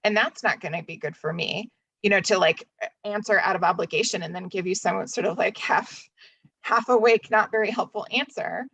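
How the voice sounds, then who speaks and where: A woman therapist speaks candidly in a casual webinar discussion, her talk chatty and loose with fillers. Her voice sits at a middle pitch. The sound is dry and close, over a video call. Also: moderate pace, gravelly, fairly bright tone, husky, dry recording, highs cut off. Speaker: DBT therapist.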